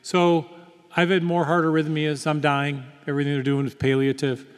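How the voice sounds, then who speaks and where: A man's voice: a little high, completely flat delivery, moderate pace, smooth. Man telling his story in a reverberant hall. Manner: storytelling, acts out quoted dialogue. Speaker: guest speaker. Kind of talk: testimony talk.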